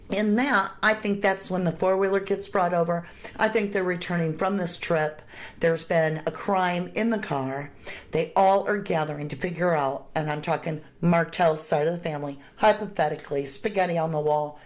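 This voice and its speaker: A middle-aged woman giving a conversational, emphatic run of speculative true crime commentary as the show's host. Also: on the low side.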